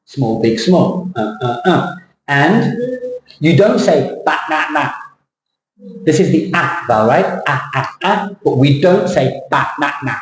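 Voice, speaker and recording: A man teaching pronunciation in a classroom, repeating words slowly and syllable by syllable, now and then switching into Thai for his students. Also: on the high side, lively intonation. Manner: drills words slowly, mixes in Thai asides. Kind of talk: accent coaching lesson. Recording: roomy classroom with faint hum.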